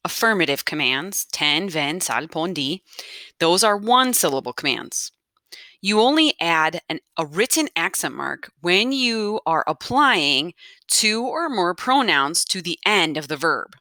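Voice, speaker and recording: A female Spanish teacher gives a recorded grammar lesson, patiently repeating each rule and checking in with "okay?". Her voice is deep, bright and forceful. The studio sound is clean, with no echo.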